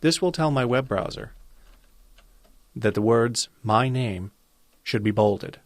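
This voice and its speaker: A man teaching a web design lesson in a calm, methodical way, walking through each step of a screen-recorded coding tutorial. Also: mid-range voice, slow pace, no room sound.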